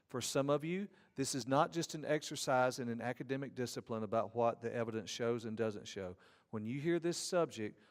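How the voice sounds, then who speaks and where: A man with a drawling Southern Georgia accent lectures in a middle-register voice, mixing teaching with folksy joking asides. His voice carries a long reverb, as if from a large church auditorium. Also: mid-range voice. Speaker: conference speaker, ethics teacher. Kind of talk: conference lecture. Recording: reverberant hall.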